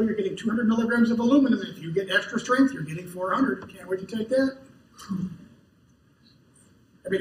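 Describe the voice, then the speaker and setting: A man giving a conference lecture and answering questions, telling folksy stories with quoted dialogue. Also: high voice. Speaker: conference speaker. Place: conference hall. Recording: echoey hall, distant mic, faint noise.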